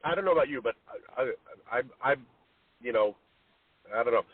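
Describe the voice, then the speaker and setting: Male co-host, husky voice, exasperated and halting, phone-thin sound. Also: medium pitch, lively intonation, dry recording. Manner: exasperated, trailing off and restarting. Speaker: podcast co-host. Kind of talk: casual chat. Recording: tinny phone line, husky.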